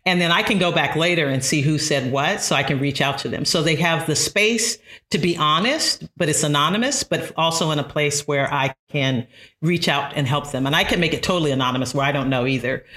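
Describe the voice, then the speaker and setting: Woman, college math instructor, bright forceful voice, lively storyteller in interview. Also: low voice. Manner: animated storyteller, quick to laugh. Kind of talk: conversational podcast interview.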